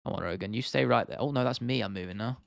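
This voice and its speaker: A young British man in his twenties hosts a casual livestream, chatting loosely, reading viewer comments, swearing and calling viewers "bro". His medium-pitched voice is gravelly and fast, with clean studio sound and no room sound.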